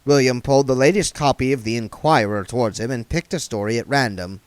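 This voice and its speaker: A man reading a novel aloud as narrator, expressive and switching into character voices. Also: medium pitch, brisk, dry recording.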